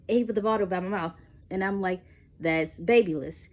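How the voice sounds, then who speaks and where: A young woman, telling a personal story in a casual storytime and acting out the voices with sudden jumps in pitch. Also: normal speed, pauses often. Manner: animated, acts out quotes with pitch jumps.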